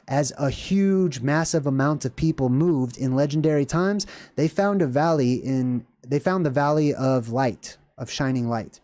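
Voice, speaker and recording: A man hosting a casual talk video, reading a passage aloud and breaking off into rambling, excited asides. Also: a little high, no echo. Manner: rambling, animated asides with laughs and restarts. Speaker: video host. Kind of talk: casual lecture reading and commenting on scripture.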